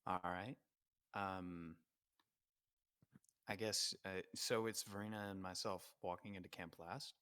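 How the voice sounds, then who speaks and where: A man's voice: low-pitched, fairly even intonation, measured pace, long pauses, bright, forceful tone, smooth, no echo. Man narrating his tabletop character. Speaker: player. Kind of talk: tabletop game role-play.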